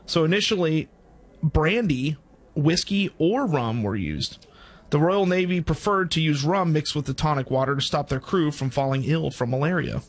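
A man with a Southern US accent, presenting prepared background notes on a drink's history in a measured way with a few fillers. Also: fairly high pitch, animated.

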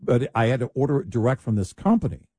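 A man's voice: medium pitch, quick pace, darkish tone, slightly rough, no echo. A man co-hosting a talk radio show, telling everyday stories in casual banter.

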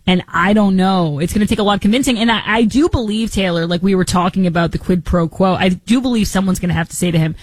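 A woman's voice: mid-range voice, quick pace, few pauses, slightly rough, no echo, low-quality recording. A woman hosting a political talk show, giving opinionated commentary with incredulous rhetorical questions.

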